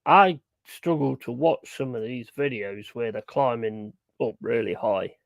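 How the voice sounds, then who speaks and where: Blunt, sweary streamer. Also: male voice, mid-range voice, measured pace, gravelly, no echo. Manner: blunt, sweary, emphatic repetition. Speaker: streamer hosting a football watchalong. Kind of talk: casual live-stream chat.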